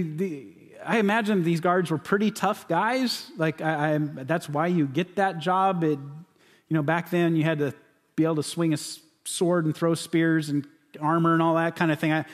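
A man from California preaching a sermon as pastor, in a conversational way with frequent restarts and repeated words. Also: on the high side. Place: church sanctuary. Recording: church sanctuary with long reverb.

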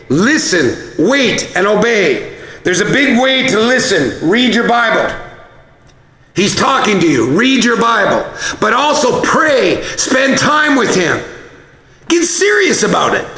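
A male pastor with a strikingly high, bright voice that swoops up and down as he preaches. He drives his points home with force and breaks into shouts now and then. His voice rings through a large hall with long reverb. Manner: emphatic, exhorting, at times shouting. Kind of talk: sermon.

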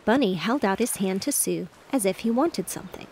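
Woman, soft bedtime story narration, soothing and even, middle pitch, faint noise in the background. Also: a little fast.

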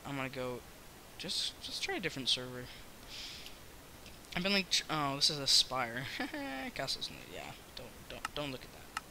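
Excitable young American gamer, bright voice. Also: male voice, medium pitch, normal speed, slight background noise. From United States. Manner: rambling, self-mocking, yells during fights. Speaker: gaming YouTuber. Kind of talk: Minecraft let's play commentary.

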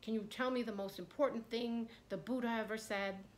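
A woman voicing an impatient male provincial governor in a storybook reading, speaking loudly and demandingly. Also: fairly high pitch, steady tone, a little fast, lightly acted. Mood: formal. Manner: loud, demanding, indignant.

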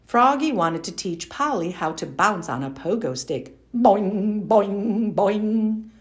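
A woman reading a children's picture book aloud, slow and expressive, with playful sound effects. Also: lowish voice. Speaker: storyteller. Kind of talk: children's read-aloud narration.

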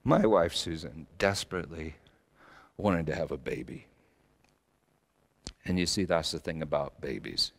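A middle-aged male pastor preaching a sermon, swinging between loud emphatic lines and hushed low phrases. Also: a little slow, creaky, pauses often. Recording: long hall reverb.

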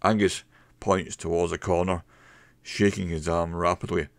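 A man narrating a mystery story in a slow, measured way. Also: low voice, level tone, creaky, dry recording, clean studio sound.

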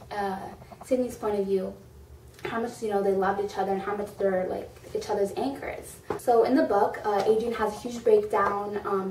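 A young woman casually reviewing a book, gushing and excitable, saying "like" often. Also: mid-range voice. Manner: gushing and excitable, full of "like" and "freaking out". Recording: echoey room, far from the mic, faint noise.

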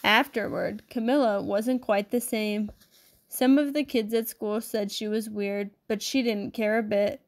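A woman narrating a children's storybook aloud with expressive, measured delivery. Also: mid-range voice. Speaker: storybook reader.

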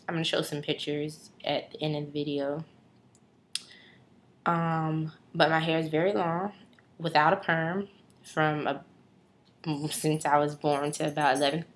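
Low-voiced young woman chatting casually. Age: early 20s. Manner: chatty, rambling with many fillers and asides. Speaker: vlogger. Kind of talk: casual chat to camera.

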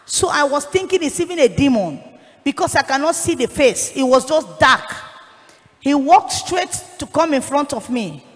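A woman evangelist, giving an emotional testimony that rises to shouting. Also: sits high, expressive, moderate pace, big-room sound, soft background music. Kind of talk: sermon testimony.

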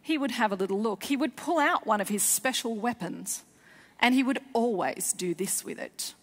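A woman, a children's author and former teacher, telling a lively, expressive story to schoolchildren at a festival. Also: fairly high pitch, moderate pace. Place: large festival hall. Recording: long hall reverb.

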